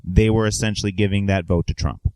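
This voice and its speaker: A man's voice: on the low side, steady tone, fast talker, warm tone, clean tone, no room sound, poor audio. A man from the United States on a podcast, making his political point in an earnest way and repeating words as he restarts. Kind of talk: casual political chat.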